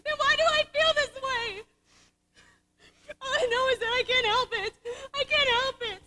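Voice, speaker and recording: A teenage girl playing a bubbly but torn young Navy nurse in a school stage musical. Her voice is extremely high and bright. She talks in breathless, emotional, stammering pleas. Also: normal speed, a little hiss or hum, low-quality recording. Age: late teens. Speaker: student actor in a school musical. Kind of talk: amateur stage musical acting.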